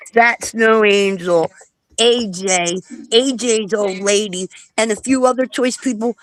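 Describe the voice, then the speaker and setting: A woman's voice: medium pitch, dry recording. A middle-aged woman from the northern US hosting a livestream, cursing freely while she tells stories and imitates other people. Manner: profane, storytelling, mimics others. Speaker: livestream host. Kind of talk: casual livestream chat.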